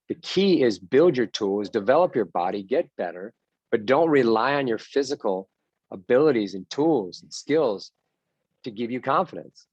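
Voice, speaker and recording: A man's voice: medium pitch, a little mellow, dry recording, muffled recording. A man giving a motivational talk to baseball players as their mental coach, punchy and repetitive, having them chant mantras.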